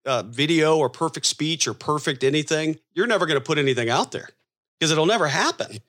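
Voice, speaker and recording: A man's voice: fairly high pitch, expressive, a little fast, fairly bright tone. A man co-hosting a podcast, telling stories in a rambling, casual way. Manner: rambling storyteller with many fillers and restarts. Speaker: podcast co-host.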